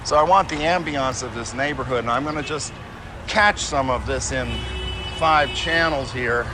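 A man in his sixties recording outdoors on a city street, talking in a rambling way with many pauses and fillers. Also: medium pitch. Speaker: field recordist. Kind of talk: casual spoken commentary. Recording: loud street traffic behind.

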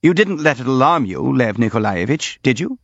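A man voicing a loud, anxious older noblewoman, fussing in a high voice. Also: big pitch swings, normal speed, gravelly, no room sound. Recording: slightly dull dry recording.

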